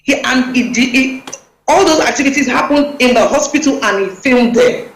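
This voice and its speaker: A woman's voice: sits high, normal speed. Emphatic woman on a roomy video call. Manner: emphatic, urgent, pleading. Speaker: guest. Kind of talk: talk show interview.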